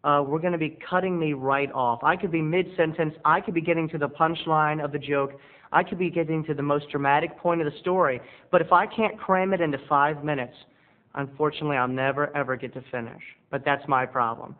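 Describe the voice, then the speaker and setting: Fairly quick and steady in tone, this video blogger delivers a rambling, self-deprecating confession to the camera from his bedroom studio. His slightly high voice comes through thin and tinny, as over a phone.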